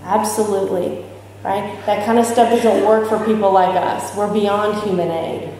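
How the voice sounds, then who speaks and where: Warm in tone, her medium-pitched voice moves at a moderate pace with fairly even intonation. The woman is frankly recounting her recovery at a recovery convention, joking and asking the large hall audience questions. The recording, made far off in the echoey hall, carries slight background noise.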